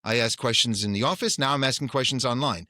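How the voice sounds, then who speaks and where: Male podcast host, bright voice, dry sound, casual and rambling. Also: mid-range voice, fast talker, no echo. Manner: conversational, rambling. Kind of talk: casual interview chat.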